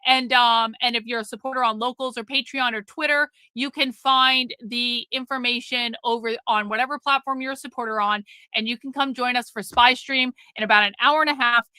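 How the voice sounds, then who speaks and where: High, bright-voiced woman streamer scolding chat. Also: steady tone, a little fast, few pauses, clean tone, no room sound. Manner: blunt, profane, scolding chat viewers. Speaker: livestream host. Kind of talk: casual livestream chat.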